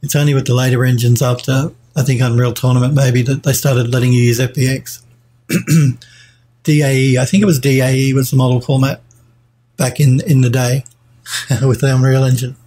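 A man's voice: medium pitch, little pitch movement, normal speed, warm tone, slight background noise. A man streaming a live 3D modelling tutorial, thinking aloud as he works, hesitating and correcting himself while he answers chat.

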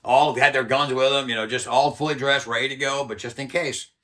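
Telling his story to an interviewer, the former soldier, a man in his sixties, speaks at medium pitch with fairly even intonation, a fairly bright tone, and a slightly fast pace. He's blunt and swears a lot, voicing the quotes himself.

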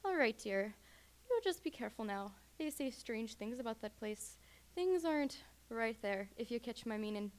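A woman voicing an old Irish woman on a bus, with a put-on Irish accent, friendly small talk that turns into a hushed warning. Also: expressive, moderate pace, close to an everyday voice. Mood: ominous. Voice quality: higher and louder than her narration.

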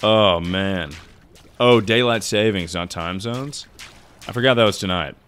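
A young man streaming a climbing game, chatting casually with viewers, swearing and bursting into loud frustrated yells. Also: on the low side, measured pace, a little hiss or hum. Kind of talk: casual live gameplay commentary.

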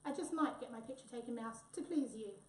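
A woman's voice: a little high, a little fast, slight background noise, natural voice. A woman reading aloud, voicing a proud, conceited male tabby cat with a haughty manner. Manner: haughty, scornful. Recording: echoey room, voice from far off.

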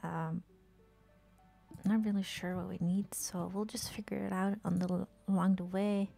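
A woman's voice: medium pitch, level tone, normal speed, creaky, dark tone, soft background music. A woman chatting casually while streaming a game, swearing freely, talking to game characters and often dropping to a whisper. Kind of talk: casual live-stream chat while gaming.

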